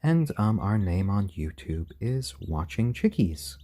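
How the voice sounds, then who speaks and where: A man hosting a casual live stream at home, gently chatting to viewers and talking softly and fondly to his baby chickens. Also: lowish voice, big pitch swings, a little slow.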